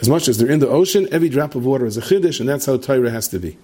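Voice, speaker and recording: A man's voice: medium pitch, lively intonation, rapid-fire, dark tone. A man giving a rambling sermon to an audience, peppering it with "right?". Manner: meandering, asks "right?" often, many restarts. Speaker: rabbi giving a talk.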